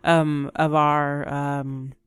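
A woman co-hosting a podcast in casual chat, bubbly and excitable, laughing often and bossing her co-host. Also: sits low, drawn-out words, clear, resonant tone, no echo, studio quality.

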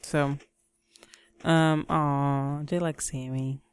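A woman co-hosting a casual chat show, talking in a relaxed, giggly way with lots of "like" and "um". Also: low-pitched, drawn-out words, smooth, no room sound. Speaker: co-host.

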